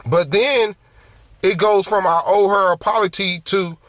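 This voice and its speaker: Ministering through his own testimony, this man has a high voice and a slightly slow delivery. He tells the story animatedly and conversationally, circling back to repeat phrases, with no echo in the recording.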